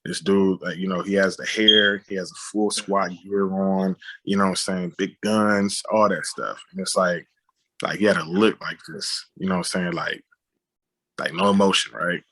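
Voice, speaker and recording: A man sits for an interview and retells a story in a lively way, voicing gunshots and what people said. His voice is low and husky with a bright, forceful edge. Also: moderate pace. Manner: animated retelling with sound effects and quoted dialogue. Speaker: interview guest, director and writer. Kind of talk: conversational storytelling.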